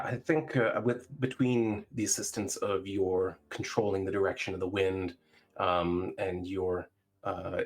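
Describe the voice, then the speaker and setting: A man narrating a tabletop game as dungeon master, halting and searching for words with many fillers. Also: sits low, slightly rough.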